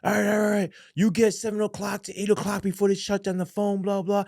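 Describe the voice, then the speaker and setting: A man voicing a nervous male jail guard hurrying to calm someone down. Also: high voice, vocal fry, dry recording, clean studio sound, voice pushed up. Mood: placating. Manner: hurried soothing placation.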